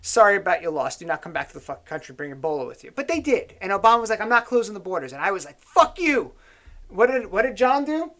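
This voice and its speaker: A man's voice: high voice, very fast, few pauses. Tipsy guy ranting and swearing, long rambling stories, host of a chat show. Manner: rambling, profane, animated storytelling. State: tipsy on whiskey. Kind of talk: casual political chat.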